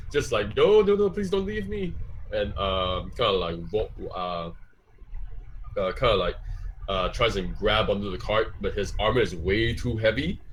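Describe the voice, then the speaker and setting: A man's voice: lowish voice, fairly bright tone, a little hiss or hum. A man running a tabletop game as game master, narrating scenes in a rambling way with many fillers. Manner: rambling, full of fillers and restarts.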